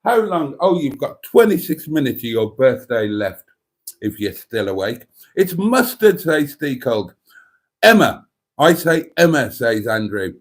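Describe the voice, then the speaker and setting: A man's voice: mid-range voice, lively intonation, unhurried. A man hosting a casual livestream, reading out viewer comments in a chatty, jokey way. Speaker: livestream host.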